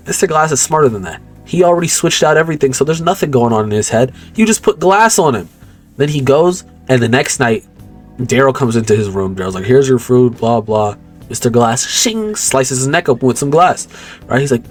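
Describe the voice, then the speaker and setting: A man's voice: medium pitch, animated, a little fast, faint music behind. A young man casually recapping a movie plot, rambling, slangy and profane, often stopping to correct himself. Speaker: movie commentator.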